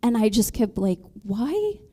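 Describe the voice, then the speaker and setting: A married woman on a panel, telling her conversion story in a halting way, with many ums and restarts. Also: medium pitch, mellow. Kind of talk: personal testimony in a panel talk.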